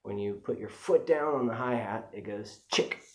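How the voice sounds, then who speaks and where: A man's voice: fairly low pitch, normal speed, a little hiss or hum. A man giving a casual music lesson, chatty and easygoing, with frequent fillers as he explains technique. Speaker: music teacher. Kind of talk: casual instructional talk.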